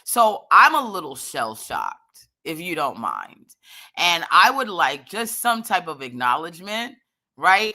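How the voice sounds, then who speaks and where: A woman telling a comic story in an animated, exasperated way, swearing freely. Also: lowish voice, a little slow.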